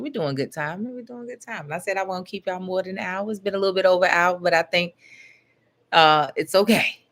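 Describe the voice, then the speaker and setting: A woman leading a spoken prayer and meditation, laughing often as she talks aloud to God, then settling into a slow, soothing cadence. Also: lowish voice, pushed and bright. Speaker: spiritual teacher.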